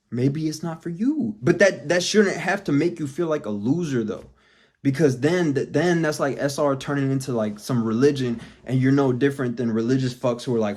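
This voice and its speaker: A man's voice: mid-range voice, a little mellow. A man ranting bluntly on camera, heavily profane and emphatic, in a casual motivational style. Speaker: vlogger.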